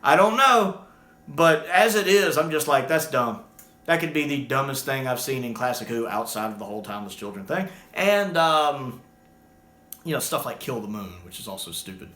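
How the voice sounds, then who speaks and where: A man ranting through a casual video review in an animated, exasperated way. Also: mid-range voice, normal speed, reverberant.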